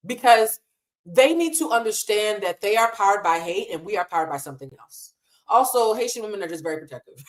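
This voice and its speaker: Impassioned woman hosting a live stream. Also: mid-range voice. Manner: impassioned, emotional, swears freely. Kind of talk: casual live stream commentary. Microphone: desk mic in a hotel room.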